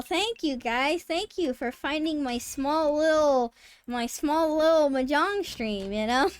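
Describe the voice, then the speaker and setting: Bubbly woman streamer, higher voice, chatty and giggly with her viewers. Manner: bubbly, squeals with excitement, then mutters softly. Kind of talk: casual live-stream chat, reading chat aloud.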